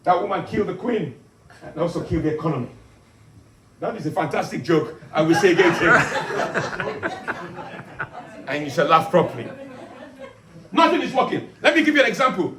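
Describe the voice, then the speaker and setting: A man's voice: big pitch swings, fairly quick, long pauses, exaggerated voice. A man performing stand-up as a boastful, bombastic self-styled male African dictator who lectures and teases his audience. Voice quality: booming, boastful, commanding. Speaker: stand-up comedian. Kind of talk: character stand-up comedy. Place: pub gig room. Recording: echoey pub, distant mic, loud crowd.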